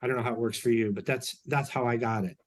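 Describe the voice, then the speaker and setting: A man's voice: medium pitch, quick pace. Middle-aged male guest, loose anecdotal storyteller, lots of ums and restarts. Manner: relaxed anecdotal, many fillers and restarts. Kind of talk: storytelling in an interview.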